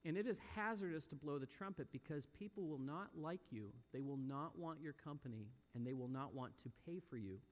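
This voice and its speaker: Guy preaching a sermon, kinda high voice, big echoey church hall, gets loud and emphatic. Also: expressive, fairly quick, hardly any pauses. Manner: earnest, swells to loud emphatic peaks. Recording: long hall reverb.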